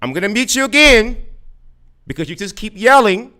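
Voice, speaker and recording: A man hosts a podcast on a desktop streaming mic, needling a caller with repeated sarcastic questions. His voice sits somewhat high for a man and rises and falls a great deal. He restarts his sentences often, stammering over words. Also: sing-song, moderate pace, sharp tone. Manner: taunting, sarcastic, repeats himself. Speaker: podcast host. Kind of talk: combative live podcast talk with a caller.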